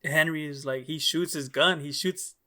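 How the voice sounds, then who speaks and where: A young man co-hosting a podcast in casual chat, excitable, slangy and swearing freely. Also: fairly high pitch, normal speed. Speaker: podcast co-host.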